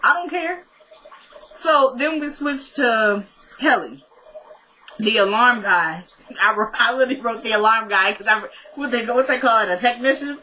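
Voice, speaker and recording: A woman's voice: a little high, normal speed, sharp tone, rough recording. A woman in a casual vlog, recapping a TV episode in a chatty way and acting out the characters' lines as she goes. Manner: chatty, retells scenes by quoting characters. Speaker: TV episode reviewer.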